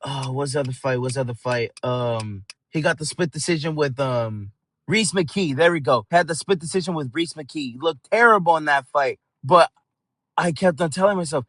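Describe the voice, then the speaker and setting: A man with a fairly high voice gives a heated, foul-mouthed fight recap as host of his channel. He swears constantly and rambles from one thought to the next. The sound is dry and close, with no room around it. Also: lively intonation, normal speed, no room sound.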